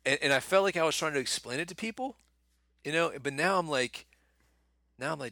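A man's voice: fairly high pitch, fairly quick, pauses often, pushed and bright, no echo, clean studio sound. A man in casual chat, laid-back, laughing easily and often saying "man" and "you know".

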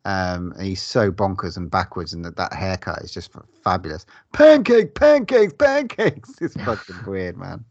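A man's voice: sits low, level tone, normal speed, vocal fry, hardly any pauses, fairly bright tone, husky, no room sound, lo-fi sound. A man co-hosting a casual podcast, enthusiastic and laughing with casual swearing. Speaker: podcast co-host. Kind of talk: casual chat.

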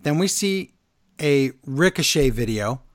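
A man casually recapping a wrestling show, sarcastic and animated, reading from his notes. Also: medium pitch, a little slow. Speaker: podcast host recapping wrestling. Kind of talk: casual chat.

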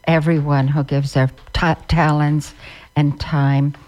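A woman's voice: sits low, little pitch movement, slow, a little mellow. A woman who is a master gardener, chatting casually as a radio guest and often repeating and restarting words.

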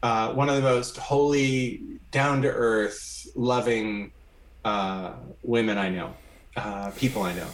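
A man telling a personal story during a conversation, animated and often checking in with "right?". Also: medium pitch, slow. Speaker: guest. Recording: roomy echo.

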